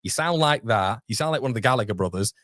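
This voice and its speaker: A man's voice: medium pitch, lively intonation, quick pace, a bit bright, no echo, studio quality. A young man, hosting a casual livestream and chatting through viewer comments with self-deprecating asides. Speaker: host. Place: home streaming studio.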